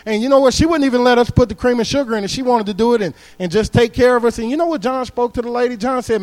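Man preaching, high-pitched voice, emphatic swells, church sermon. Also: fast, a little mellow. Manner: preaching with rising, emphatic calls to the congregation. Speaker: guest preacher. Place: church sanctuary.

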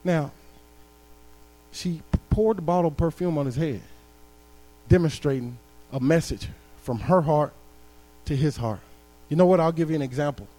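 A man's voice: a little high, moderate pace, pauses often, mellow. A man preaching a sermon in a church, building to emphatic calls to the congregation. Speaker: guest preacher. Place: church sanctuary.

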